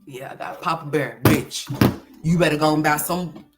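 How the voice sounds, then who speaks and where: A woman from Oklahoma hosting a livestream, telling a story in a loose, animated and profane way, dropping to low mutters and rising to loud exclamations. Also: moderate pace. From Oklahoma, USA. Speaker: livestream host.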